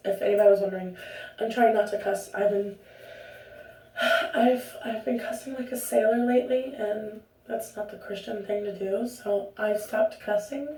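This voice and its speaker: With a mellow, medium-pitched voice, a young woman chats casually to her camera at home, rambling and repeatedly breaking off mid-thought. Her distance from the mic leaves a roomy echo on the recording.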